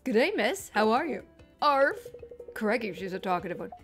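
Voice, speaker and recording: A woman's voice: on the high side, big pitch swings, moderate pace, soft background music. A woman voicing a jokey male dog-school receptionist who puts on a hammy fake Australian accent, reading game dialogue aloud. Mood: playful.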